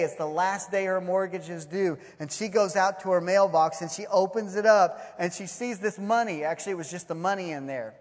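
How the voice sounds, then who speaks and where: A man preaching a sermon, telling stories in an animated way and acting out the voices. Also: high-pitched. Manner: animated storytelling, acts out voices. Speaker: pastor. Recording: long hall reverb.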